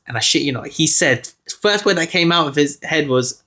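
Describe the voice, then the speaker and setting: A man co-hosting a podcast, telling a story in animated casual chat and acting out the people he quotes. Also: on the high side, moderate pace. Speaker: podcast co-host.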